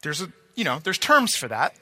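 His pitch swooping wildly, a man delivers an earnest sermon in a high, tense, sharp voice touched with breathiness, at a moderate pace. He stresses points through repetition and asks if listeners follow, while the big hall adds long reverb.

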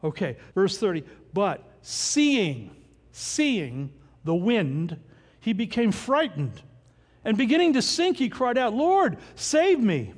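Male pastor with an expressive, rhetorical delivery, heard in a hall with long reverb. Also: high voice, slow. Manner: expressive, rhetorical questions, reads scripture aloud. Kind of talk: sermon.

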